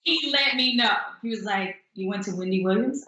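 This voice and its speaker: Animated woman storyteller, echoey room. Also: on the high side, normal speed, pauses often. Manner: animated, acts out quotes, upbeat. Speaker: singer-songwriter guest. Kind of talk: casual storytelling interview.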